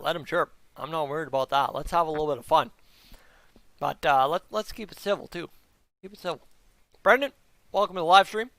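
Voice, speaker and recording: A young man hosts a casual live hockey reaction stream. His voice sits high and comes through smooth and clear. He talks straight to his chat and slips into quick play-by-play, recorded close and dry. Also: a bit bright, no echo. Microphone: close mic.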